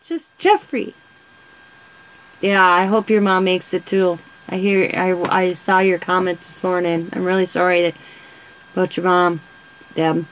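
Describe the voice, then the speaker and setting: A woman's voice: lowish voice, little pitch movement, moderate pace, clean tone, rough recording. A woman vlogger chatting casually with viewers, telling rambling stories and answering comments. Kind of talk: casual live-stream chat.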